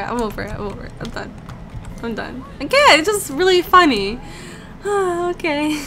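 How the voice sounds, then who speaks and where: A young woman giving casual commentary over a life-sim game, chatty and easily excited, talking to the characters on screen. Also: on the high side, a little hiss or hum. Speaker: let's play commentator.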